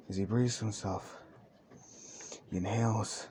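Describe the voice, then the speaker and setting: Young man, storyteller, rambling, quiet, breathy near-whisper. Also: lowish voice, a little slow, a little hiss or hum. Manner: rambling, hushed, breathy narration. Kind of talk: improvised fan story narration.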